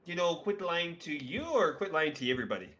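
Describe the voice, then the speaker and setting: A man's voice: a little high, big pitch swings, quick pace, a bit bright. A man playing a tabletop role-playing game with friends, rambling along and tagging his sentences with "there.". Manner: rambling, habitually tags sentences with 'there'. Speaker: player. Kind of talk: tabletop role-play chat.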